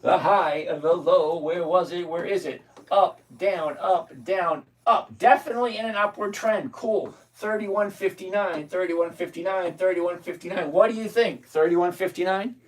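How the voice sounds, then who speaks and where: This livestream host is a middle-aged man with a high-pitched voice who speaks at a normal pace with hardly any pauses. On his live trading stream he thinks aloud bluntly and calls out viewers by name.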